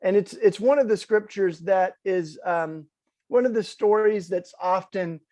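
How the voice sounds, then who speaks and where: Southern guy preaching slow and earnest, kinda high voice, dry close sound. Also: darkish tone, dry recording. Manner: earnest, slowed on purpose, reading scripture aloud. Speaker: guest speaker. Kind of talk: sermon-style talk. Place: event hall.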